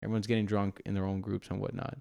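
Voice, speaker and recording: A man's voice: on the low side, little pitch movement, quick pace, vocal fry, mellow. A young man who just graduated college, a guest on a podcast, talking in a laid-back way with lots of "like" and "um". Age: young adult. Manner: laid-back, filler-heavy. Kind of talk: casual podcast chat.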